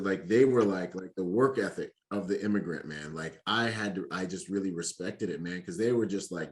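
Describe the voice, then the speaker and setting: A man from the Bahamas who hosts a podcast, talking in an animated, joking way in casual conversation. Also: low-pitched, normal speed, hardly any pauses. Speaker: podcast host.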